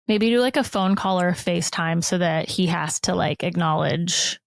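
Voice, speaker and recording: Low, gravelly woman with blunt asides. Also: normal speed, no echo. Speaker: podcast co-host. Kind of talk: casual advice chat.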